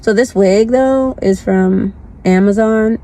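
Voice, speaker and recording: A woman's voice: mid-range voice, takes it slowly, warm tone. A woman vlogger chatting casually from her car, congested from the flu, rambling and repeating herself. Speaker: lifestyle vlogger. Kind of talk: casual chat.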